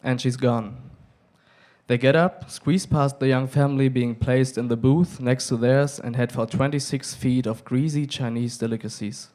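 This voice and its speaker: A young man reading a short story aloud at a live event, relaxed and conversational. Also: mid-range voice, moderate pace. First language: German. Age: young adult. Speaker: reader. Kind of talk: literary reading.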